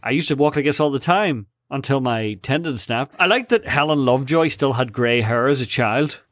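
A man chats on a podcast at a middle pitch, recorded dry and close. He retells a cartoon episode with animation, slipping into the characters' voices. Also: moderate pace, no room sound. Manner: animated retelling, acting out quotes. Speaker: podcast co-host. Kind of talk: casual chat recapping a cartoon episode.

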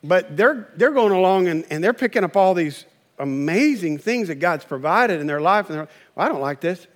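A man's voice: high-pitched, animated, moderate pace. A man preaching a sermon in a conversational way, acting out quoted voices. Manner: conversational preaching, acts out quoted voices, chuckles at own stories. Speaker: pastor.

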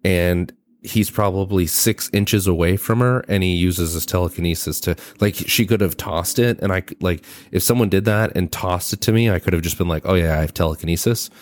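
A man's voice: low voice, moderate pace. A man hosting a casual movie review podcast, rambling and swearing, with lots of fillers and restarts. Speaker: podcast host.

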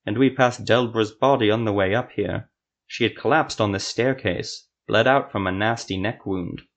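A man voicing a calm, smug male sorcerer in a fantasy audio story, speaking in a needling way. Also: on the low side, moderate pace.

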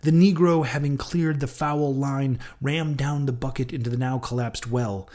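A man reads a classic sea novel aloud as audiobook narration, voice at an ordinary middle pitch. His delivery is dramatic and expressive, leaning into every turn of the story. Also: moderate pace.

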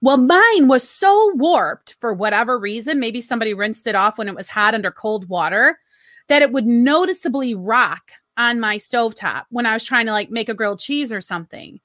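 Bright, lively woman chatting. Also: a little high, no room sound, clean studio sound. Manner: animated storyteller, quick laughs. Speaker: co-host. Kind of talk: casual chat on a live-streamed show.

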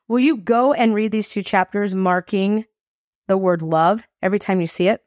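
A woman hosting a faith podcast, telling a personal story in a lively, expressive, casual way. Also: medium pitch, dry recording, clean studio sound. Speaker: podcast host. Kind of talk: faith-based storytelling talk.

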